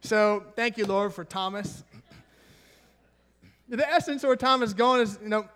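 A man's voice: sits high, moderate pace, pauses often, fairly bright tone. A young man preaching a conversational sermon, enthusiastic and chatty, with laughs and asides. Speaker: pastor.

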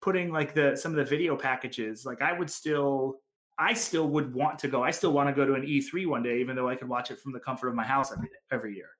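A man's voice: medium pitch, fairly even intonation, quick pace, a bit bright. A man co-hosting a comics podcast, talking casually in long, enthusiastic rambles. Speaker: podcast co-host. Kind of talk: casual chat.

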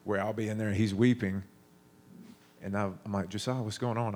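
Lower-voiced man preaching a sermon. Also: fairly even intonation, brisk, a little mellow. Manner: storytelling, conversational, with restarts.

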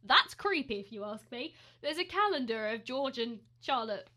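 A young woman co-hosting a casual podcast, reading news items aloud haltingly and laughing between them. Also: high voice, animated, bright, forceful tone. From England. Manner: giggly, teasing, reads stories haltingly. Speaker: podcast co-host.

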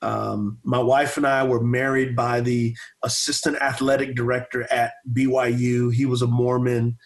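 A man's voice: mid-range voice, flat delivery, normal speed. A man in his forties, a pastor and former football player, telling stories in a casual interview with energy, repeating words and stuttering a little. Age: 40s.

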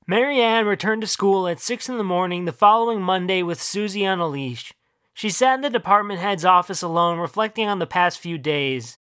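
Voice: medium pitch, normal speed, fairly bright tone, clear, resonant tone, no room sound, clean studio sound. An author narrating their own short story and then chatting casually about it. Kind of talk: audiobook reading and casual commentary.

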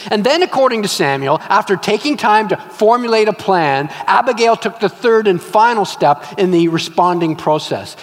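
A male pastor preaching a sermon, telling stories and acting out scenes with emphatic repetition. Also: sits high. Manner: animated storytelling, acts out scenes, emphatic repetition. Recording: long reverb of a large hall.

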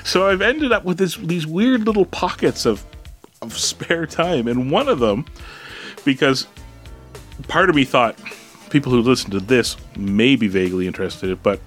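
A podcast co-host chats casually over soft background music, his medium-pitched, fairly bright voice moving at a moderate pace with lively intonation. He rambles, restarts, and laughs, hiccuping as he drinks beer.

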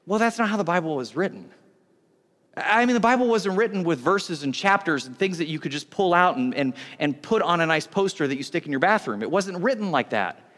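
In a long, echoing hall, a man in his thirties preaches as a pastor with a fairly bright voice that sits high. He keeps it conversational and joking, often cutting himself off mid-sentence.

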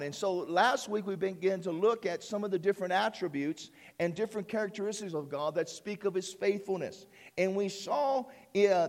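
A man's voice: high-pitched, a little mellow. A man preaching a sermon as a church pastor, repeating phrases and calling out for amens from the congregation.

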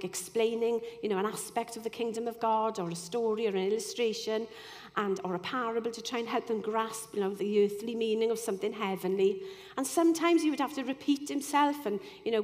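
A woman's voice: on the high side, a little mellow. A woman giving an earnest, conversational sermon, dotted with "you know" asides. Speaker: speaker giving a devotional talk. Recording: long hall reverb.

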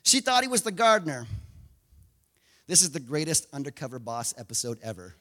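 A man preaching a sermon, telling the story in an animated way and acting out scenes. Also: a little high, a little fast, in a large hall. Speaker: pastor.

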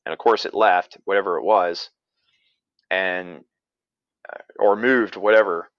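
Man, lowish voice, casual rambling storyteller, dull lo-fi sound. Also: steady tone, a little slow, a bit bright, no echo. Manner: rambling, many "you know" fillers and restarts. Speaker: paranormal investigator and podcaster.

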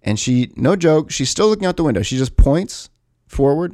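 A man's voice: fairly high pitch, sing-song, normal speed, dark tone, dry recording, clean studio sound. A man casually telling a story to his camera in a rambling, self-correcting, sometimes profane way. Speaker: vlogger.

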